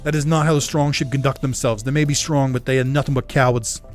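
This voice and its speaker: A man's voice: mid-range voice, steady tone, quick pace, faint music behind, close to an everyday voice. A man voicing a proud, stern male demon lord with a put-on Boston accent, in stiff, formal, contemptuous speech.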